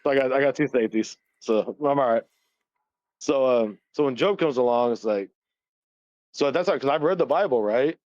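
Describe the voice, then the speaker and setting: A man's voice: medium pitch, normal speed, a little mellow, dry recording. A man in his thirties co-hosting a casual podcast, retelling a story loosely, swearing constantly and laughing often. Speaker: podcast co-host. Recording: dull, dry, lo-fi sound.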